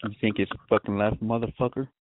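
A man's voice: fairly low pitch, flat delivery, fast, no echo. A man on a chat line hurling threats and curses in a hostile tone over a tinny phone line.

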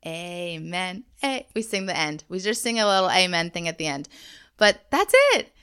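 A woman's voice: mid-range voice, expressive, brisk, fairly bright tone, clean tone. A woman in her thirties hosting a solo podcast from home. She coaches parents in an earnest, encouraging, faith-based way. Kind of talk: casual solo podcast talk.

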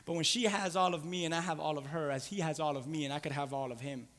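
A man's voice: on the high side, steady tone, quick pace, fairly bright tone. A man preaching a sermon, emphatic and repeating key phrases for weight. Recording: long hall reverb.

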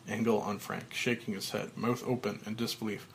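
A man reading a film screenplay aloud, giving stage directions in a low, measured voice. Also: fairly even intonation, vocal fry, a little hiss or hum. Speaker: script reader.

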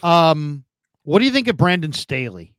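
A man hosting a sports talk show, chatting casually and asking questions, with frequent pauses to think. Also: on the high side, very animated, fairly bright tone, no room sound. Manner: conversational, asks questions, hesitant fillers. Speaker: host.

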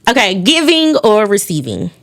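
A woman's voice: mid-range voice, huge pitch swings, normal speed. Emotional woman podcast host, casual. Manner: casual, emotional, laughs often. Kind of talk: casual faith podcast chat.

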